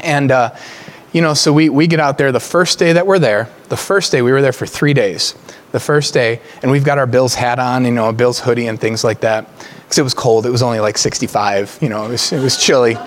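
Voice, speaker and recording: A man preaching as a pastor, telling a story with humor, laughing often and jumping much higher in pitch when excited. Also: fairly quick. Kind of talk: storytelling sermon.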